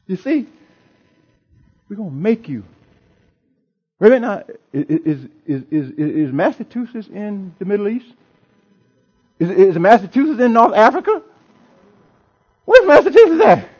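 A man's voice: sits high, sing-song, normal speed, pauses often, a little mellow, breathy edge, muffled recording. A male pastor preaching a sermon to a congregation in a church. He preaches with emphasis, repeats phrases, and chuckles often.

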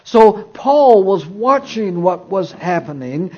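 Male preacher, slow and animated, storytelling sermon delivery, dull lo-fi recording. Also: high-pitched, breathy edge. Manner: storytelling, emphatic and deliberate.

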